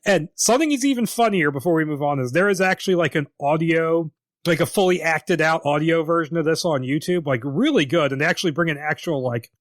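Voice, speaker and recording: A man's voice: a little high, fairly quick, dry recording, clean studio sound. A man co-hosting a podcast in casual chat, wry and laughing easily as he retells scenes, with some swearing. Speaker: podcast co-host.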